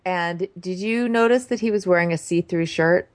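A woman's voice: lowish voice, moderate pace. A woman co-hosting a casual comedy chat, dry and wry. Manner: dry, wry, reads quotes in a mock voice. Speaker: podcast co-host.

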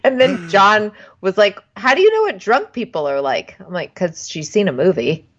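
A middle-aged woman co-hosting a casual comedic chat, recapping with dry, deadpan asides. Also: medium pitch, moderate pace. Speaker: podcast co-host. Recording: dull, lo-fi sound.

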